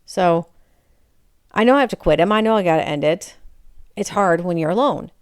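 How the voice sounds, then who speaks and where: A woman's voice: fairly low pitch, animated, normal speed, dry recording, clean studio sound. Candid woman venting on her podcast. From Michigan, USA. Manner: candid, frustrated, confessional. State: emotionally raw. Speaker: podcast host. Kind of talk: casual personal monologue.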